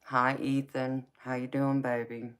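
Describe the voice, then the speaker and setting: Southern-accented woman, flat even delivery. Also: extremely low pitch, unhurried, smooth. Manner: affectionate, calls viewers baby. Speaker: tarot reader and livestream host. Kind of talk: casual live chat with viewers.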